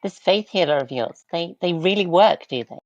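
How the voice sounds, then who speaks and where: A woman playing a tabletop game, dry and measured. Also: fairly low pitch, expressive, darkish tone, no room sound, dull audio. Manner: dry, measured in-character speech. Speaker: player. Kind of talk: casual tabletop play.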